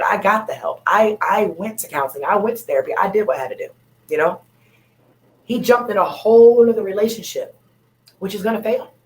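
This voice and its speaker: A woman's voice: lowish voice, rough recording. A woman speaking on an open panel, talking candidly and bluntly, repeating her points for emphasis. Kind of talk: candid casual chat.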